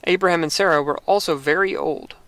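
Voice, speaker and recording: Slow-reading man with dry close voice. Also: a little high, a bit bright, smooth, no echo. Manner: slow reading with self-corrections and joking asides. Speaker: reader of scripture. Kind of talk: reading scripture aloud with casual asides.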